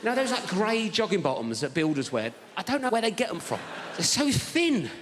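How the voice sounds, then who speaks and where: A male stand-up comedian telling a rambling, animated anecdote on a theatre stage. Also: sits high, a little fast. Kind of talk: stand-up storytelling. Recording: reverberant theatre, background noise.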